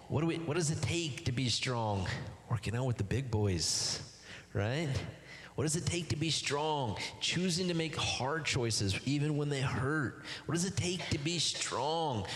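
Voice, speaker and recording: A man's voice: fairly low pitch, measured pace. Man preaching in a reverberant church. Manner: emphatic preaching with rhetorical questions. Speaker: pastor. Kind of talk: sermon.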